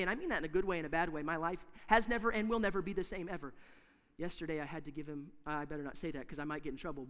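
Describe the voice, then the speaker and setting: A man preaching a sermon in a church, emphatic and repetitive, swinging from hushed to loud. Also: sits high, in a large hall.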